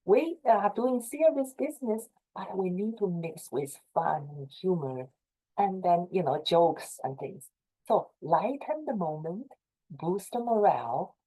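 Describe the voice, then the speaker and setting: A woman's voice: fairly low pitch, dark tone, slightly rough, rough recording. A middle-aged woman with a Chinese accent, earnestly giving advice to fellow association leaders on a video call. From China. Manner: earnest, repetitive, encouraging. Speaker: presenter advising association leaders. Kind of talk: informal talk to a professional group.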